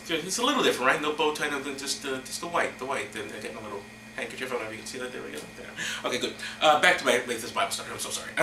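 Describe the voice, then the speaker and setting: A man hosts a comedy scripture reading with a bright, ringing tone and a lively, swinging delivery. He hams up the verses and drops deadpan asides, and his voice bounces around an echoey room. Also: mid-range voice, a little hiss or hum. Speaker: host.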